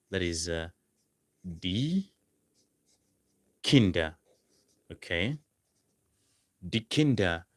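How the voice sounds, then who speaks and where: A man teaching a language lesson, repeating example phrases slowly and stressing each word. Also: deep voice, fairly bright tone, no echo, clean studio sound. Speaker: German language tutor. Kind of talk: slow, repetitive language lesson.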